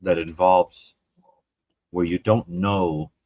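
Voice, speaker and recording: A man hosting a panel discussion, asking questions with halting starts and restarts. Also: sits low, little pitch movement, no room sound. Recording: dry, dull lo-fi sound.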